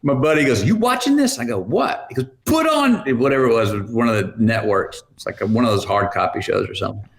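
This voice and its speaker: A man's voice: fairly low pitch, quick pace, gravelly, few pauses, slight background noise. A man in his fifties, a guest on a podcast, telling stories with lots of laughter and acted-out voices. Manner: animated storyteller, acts out quoted voices, laughs often. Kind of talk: storytelling in a podcast interview.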